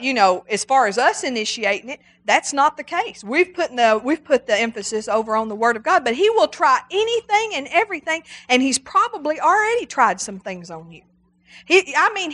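A middle-aged woman preaching a sermon, animated and emphatic, repeating her exhortations. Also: high-pitched.

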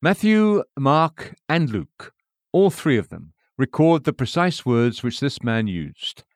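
A man's voice: medium pitch, very animated, slow pace, dry recording. A man delivers a sermon as a read-aloud text in an earnest, emphatic preaching style. His voice sits in a middle register, lifting sharply on key phrases and sinking to near-whispered endings. The recording is dry, with no room sound. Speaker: sermon reader.

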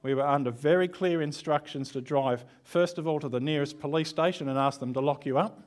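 A man's voice: a little high, brisk. A man preaching an online church sermon in a conversational, candid way, with self-deprecating asides.

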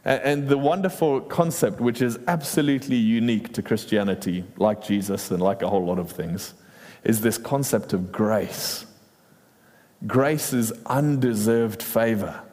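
A man preaching a sermon in a lively, animated way, acting out quoted lines in playful voices. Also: fairly low pitch, moderate pace. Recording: long reverb in a large hall.

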